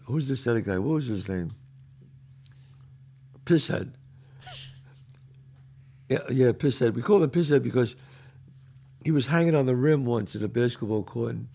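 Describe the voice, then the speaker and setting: An older man with a New York accent, telling neighborhood stories as a podcast host in a casual, animated way. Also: medium pitch, creaky. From the Bronx, New York. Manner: animated, loud when quoting, trails off quietly. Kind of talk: casual storytelling.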